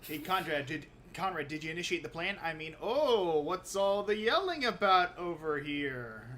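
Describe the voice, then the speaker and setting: A woman doing a low, drawling nosy voice. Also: animated, moderate pace, a bit bright, a little hiss or hum. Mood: mock-surprised. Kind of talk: live-stream banter.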